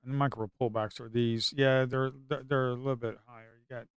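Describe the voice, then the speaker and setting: A man giving casual, rambling commentary on his trading screen, excitable and slangy. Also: mid-range voice, fairly quick, smooth. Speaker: futures trader and video host.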